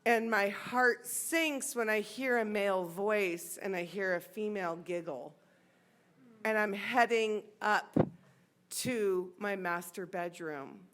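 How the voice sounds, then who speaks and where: A woman's voice: medium pitch, takes it slowly, slight background noise. A woman in her forties with an American accent, telling a true personal story on stage and acting out the people in it. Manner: animated, acts out the voices in her story. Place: sports bar stage.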